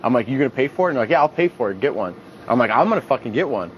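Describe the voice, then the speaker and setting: Young man telling animated, profane stories. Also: medium pitch, very fast, highs cut off, slight background noise. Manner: animated, profane, acts out quotes in a raised voice. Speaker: reality show contestant. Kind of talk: casual storytelling.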